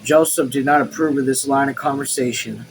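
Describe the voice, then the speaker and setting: A man reading a novel aloud casually, slow and halting over words, breaking off for chatty asides. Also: medium pitch, steady tone, slight background noise, low-quality recording. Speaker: read-along host.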